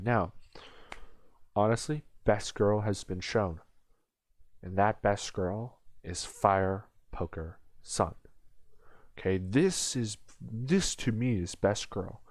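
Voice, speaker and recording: Young male reviewer, low register, crude rambling sarcasm, dry close mic. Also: slow, dry recording. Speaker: anime reviewer. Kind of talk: casual comedic commentary.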